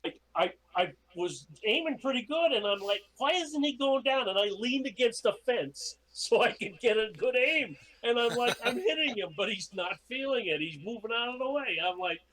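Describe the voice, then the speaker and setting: A man's voice: high-pitched, expressive, moderate pace, few pauses, sharp tone, rough recording. A middle-aged man, a podcast guest, telling casual stories and acting out his own past lines. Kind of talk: casual storytelling.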